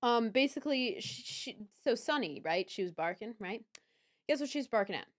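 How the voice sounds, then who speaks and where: A young woman chatting casually on a live stream, bubbly and swinging between quiet mumbling and squealed greetings. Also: a little high, expressive, normal speed. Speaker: livestreamer.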